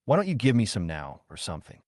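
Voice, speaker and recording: A man's voice: lowish voice, huge pitch swings, fast, a little mellow, dry recording, studio quality. A man voicing an indignant young male student who is easily riled and complains in a huffy way.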